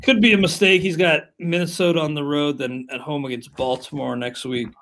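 A man's voice: a little high, a little fast. A man co-hosting a casual fantasy baseball podcast, steadily leading the talk from one pick to the next. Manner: steady, leads the segment, moves between topics. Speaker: podcast co-host.

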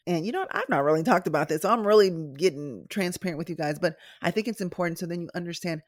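A woman's voice: lowish voice, expressive, fast, dry recording, studio quality. A middle-aged woman hosting a podcast, talking candidly and directly to her listeners in a chatty personal style. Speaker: podcast host and nurse.

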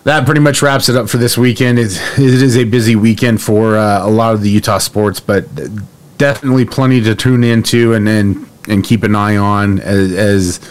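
A man co-hosting a sports podcast who gives measured, analytical takes in a casual tone. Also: on the low side, steady tone. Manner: measured, analytical, some restarts. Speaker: podcast co-host.

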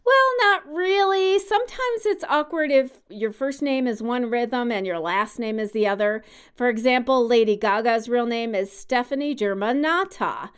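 A woman's voice: fairly high pitch, normal speed, clear, resonant tone. A woman co-hosting a podcast who explains things patiently, like a music teacher, and sounds out her examples. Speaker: podcast co-host. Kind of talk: casual podcast chat.

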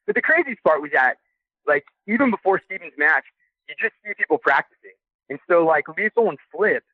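A man telling a backstage story in a casual, animated way, acting out the things people said to him. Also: a little high, dry recording. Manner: animated, acts out quoted dialogue. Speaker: guest recounting backstage experience. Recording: tinny phone line.

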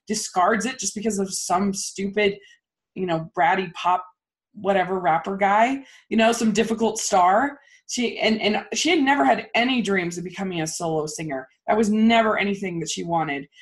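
A woman co-hosting a casual movie review chat, ranting in animated, fast bursts. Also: mid-range voice. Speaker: podcast co-host.

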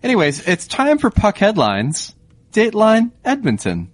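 A man co-hosting a podcast, talking in a quick, wry, joking manner. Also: high voice, huge pitch swings, faint music behind. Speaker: podcast co-host. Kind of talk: casual podcast chat.

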